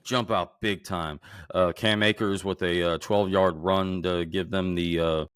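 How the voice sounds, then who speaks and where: Deep-voiced man in profane sports banter. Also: a little slow, clean tone, no room sound. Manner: profane, excitable fan banter. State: voice worn from shouting. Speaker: podcast co-host. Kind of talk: casual sports chat.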